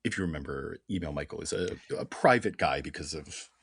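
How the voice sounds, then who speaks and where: A man co-hosting a podcast, reading listener mail in a dry, deadpan, casual way. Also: very deep voice, brisk, gravelly, slightly rough. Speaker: podcast co-host. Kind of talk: casual chat.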